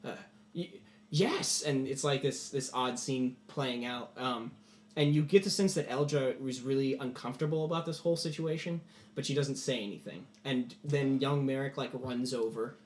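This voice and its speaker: A man's voice: medium pitch, normal speed, darkish tone, reverberant. Rambling man narrating as game master. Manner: loose and rambling, many fillers.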